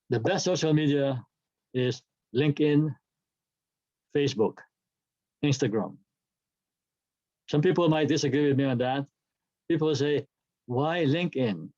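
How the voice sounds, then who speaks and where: A man's voice: fairly high pitch, mellow, highs cut off. A man presenting a workshop, talking emphatically and repeating key phrases for the audience. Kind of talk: workshop talk.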